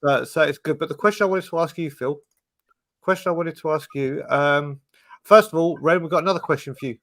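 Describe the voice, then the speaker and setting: A man's voice: fairly high pitch, brisk, fairly bright tone, no echo. A man hosting a casual fan podcast, leading the questions and often repeating himself as he goes. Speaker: show host.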